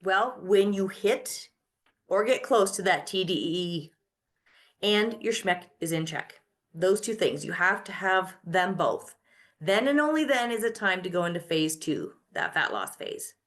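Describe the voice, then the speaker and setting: A woman's voice: mid-range voice, a little slow. A middle-aged woman hosting a live online masterclass, coaching her listeners and asking and answering her own questions. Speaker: host.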